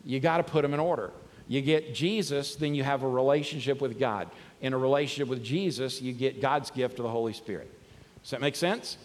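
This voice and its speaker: A man's voice: mid-range voice, fairly quick. A man preaching a sermon in a casual, conversational way with slangy asides. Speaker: pastor. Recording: long hall reverb.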